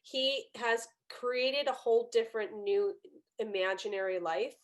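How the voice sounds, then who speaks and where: Animated woman telling stories as a guest. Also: on the high side, unhurried. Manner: animated storytelling, incredulous. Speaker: podcast guest. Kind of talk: casual chat.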